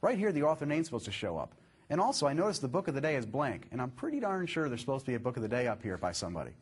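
A man presenting a live software demo, upbeat and explaining step by step as he clicks through his code. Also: mid-range voice, very animated, rapid-fire, slightly rough.

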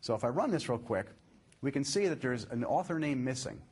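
A man presenting a live software demo, upbeat and explaining step by step as he clicks through his code. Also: mid-range voice, animated, brisk, slightly rough.

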